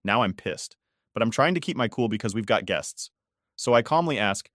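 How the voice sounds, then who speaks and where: A man's voice: fairly low pitch, animated, moderate pace, fairly bright tone, dry recording, studio quality. A man narrating a first-person story in a conversational, exasperated way.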